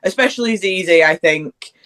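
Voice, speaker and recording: A woman's voice: on the low side, animated, moderate pace, a bit bright. A woman hosting a casual podcast chat, talking about wrestlers in a chatty way. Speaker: podcast host.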